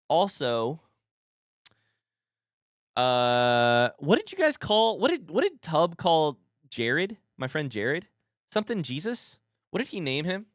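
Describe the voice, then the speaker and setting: A man's voice: mid-range voice, a bit bright, clear, resonant tone, no echo, studio quality. A man in his thirties chatting casually on his live stream, rambling playfully and reading viewer comments aloud.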